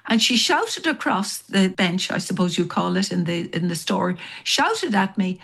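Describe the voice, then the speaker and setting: An Irish woman being interviewed as a guest, telling long stories in a rambling, animated way. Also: on the low side, measured pace, vocal fry, hardly any pauses, breathy edge. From Ireland. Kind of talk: storytelling interview.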